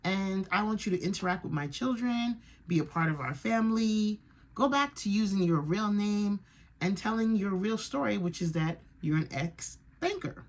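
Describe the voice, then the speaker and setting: A woman's voice: medium pitch, expressive, moderate pace, pitched above the performer's own voice, lightly acted. A woman voicing an earnest grown daughter who urges her father insistently. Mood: pleading. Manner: urging, insistent.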